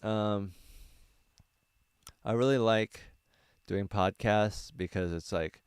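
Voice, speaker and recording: Deep, smooth-voiced man rambling casually. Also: slow pace, dry recording, clean studio sound. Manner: rambling, filler-heavy, earnest. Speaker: stand-up comedian. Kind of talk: casual livestream Q&A. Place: small van.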